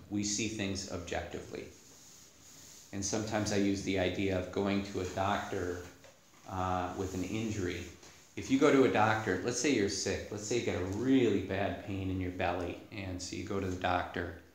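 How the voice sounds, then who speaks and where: Low-voiced man giving a dharma talk. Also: a little hiss or hum. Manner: unhurried, explanatory, with many "you know"s. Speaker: meditation teacher. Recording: echoey room.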